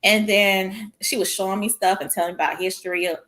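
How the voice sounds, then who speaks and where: A woman telling a story in casual chat, animated and laughing often, acting out her own words in a higher voice. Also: fast talker. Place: small church show studio.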